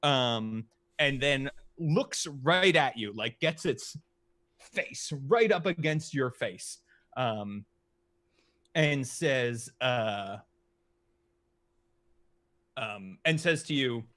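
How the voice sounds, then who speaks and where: A man running a tabletop game as game master, narrating with frequent pauses and filler sounds. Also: medium pitch, animated, fairly bright tone, no room sound. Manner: halting, many "uh" fillers.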